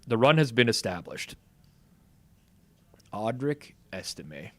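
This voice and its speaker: A man's voice: fairly low pitch, takes it slowly. A man co-hosting a live sports betting watch-along, chatting casually and joking through the game. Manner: lively, animated, jokey banter.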